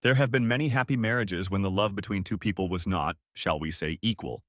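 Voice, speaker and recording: Man voicing calm, deep-voiced pipe-smoking friend. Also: no echo, clean studio sound, natural voice. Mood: measured. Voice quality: deep bass. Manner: calm, measured, non-judgmental. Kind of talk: audiobook character reading.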